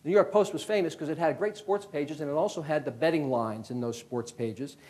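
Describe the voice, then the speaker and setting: A man around fifty from Connecticut, a former FBI agent giving a keynote talk as a lively storyteller who acts out the people in his anecdotes. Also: a little high, fairly quick. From Connecticut, USA.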